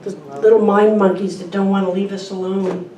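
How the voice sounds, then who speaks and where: Captured on a distant mic in an echoey room with faint ambience and slight background noise, this guest speaker at a church service has a mellow, medium-pitched voice. She talks briskly and evenly while reading from a picture book in an informal sermon, chatting with the audience and putting questions to them.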